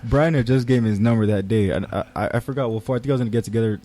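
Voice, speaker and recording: A man's voice: mid-range voice, warm tone. A man who is a guest on a podcast, telling a funny story in casual chat with frequent laughs. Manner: fast, laughing anecdote telling.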